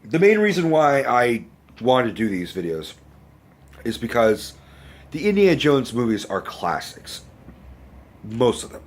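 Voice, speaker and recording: A man's voice: mid-range voice, very animated, a little slow, pauses often. A man hosting a casual movie review rant, rambling and swearing, with a cough and a sore throat, recorded on a handheld phone. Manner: rambling, swears freely, self-correcting. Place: indoors under a bright lamp. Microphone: handheld phone camera.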